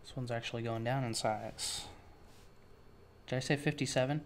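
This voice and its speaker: A man walks through a web tutorial in a casual, offhand way, narrating each step as he thinks it through. His voice sits at an ordinary middle pitch, and he drops dry, sarcastic asides. A faint hiss sits under the recording. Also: steady tone, normal speed. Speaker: web developer teaching a tutorial. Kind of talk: screen-share coding tutorial.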